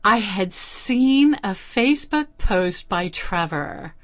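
A woman's voice: mid-range voice, expressive, slow, no room sound. Interview guest, female ensemble director, chatty storytelling manner, dry studio mic. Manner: chatty storyteller, hesitant fillers. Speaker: early music ensemble director. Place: radio studio.

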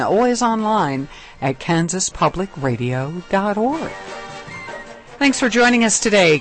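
A local public radio newscaster reading scripted headlines, weather alerts and station IDs in a measured, clear delivery into a studio microphone. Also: mid-range voice.

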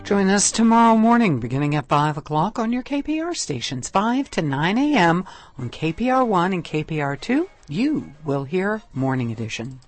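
Scripted headlines, weather alerts and station identifications are delivered clearly and evenly by a local public radio newscaster at a studio microphone. The voice is mid-range with wide pitch swings, and soft music plays underneath.

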